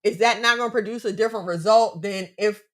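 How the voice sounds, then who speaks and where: A woman's voice: medium pitch, fast talker. Earnest woman giving heartfelt advice. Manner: earnest, persuasive, repeats phrases for emphasis; faith-based encouragement. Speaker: co-host giving relationship advice. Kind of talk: casual advice chat.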